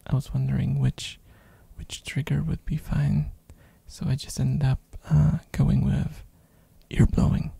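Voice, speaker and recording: Hoarse, gravelly soft-spoken ASMR rambler. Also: medium pitch, little pitch movement, unhurried, dry recording. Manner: rambling, with frequent fillers and giggles. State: hoarse from a throat infection. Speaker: ASMR streamer. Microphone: binaural mic.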